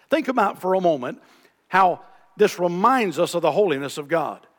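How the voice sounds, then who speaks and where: High-voiced preacher in an echoing hall. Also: male voice. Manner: preaching, reciting scripture in old-fashioned wording, drawing out key words. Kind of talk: sermon. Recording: long reverb of a large hall.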